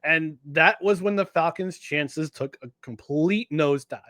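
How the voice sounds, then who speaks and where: A man co-hosting a sports podcast in casual chat, animated and jokey, often restarting his sentences. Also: on the high side, measured pace, no room sound, clean studio sound. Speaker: podcast co-host.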